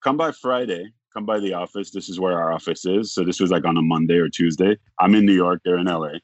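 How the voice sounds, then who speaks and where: A man talking as a podcast guest, telling a long story in a rambling way, acting out the other people's lines and filling pauses with "like". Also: sits low, no room sound, muffled recording. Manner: rambling, acts out quoted dialogue, frequent "like". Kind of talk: casual storytelling.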